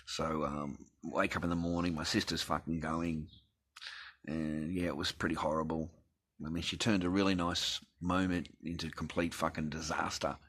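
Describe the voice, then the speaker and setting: A man's voice: a bass voice, little pitch movement, moderate pace, fairly bright tone. An Australian man telling a personal story in a blunt, rambling rant full of swearing. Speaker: vlogger.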